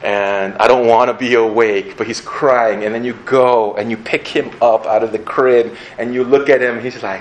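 A man's voice: medium pitch, fairly even intonation, normal speed, crowd noise, poor audio. A young man giving a casual, conversational sermon as a pastor, playfully acting out little scenes.

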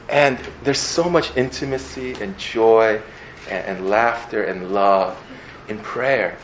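A man's voice: medium pitch, animated, normal speed, fairly bright tone, a little hiss or hum, low-quality recording. A young man giving a casual, conversational sermon as a pastor, playfully acting out little scenes.

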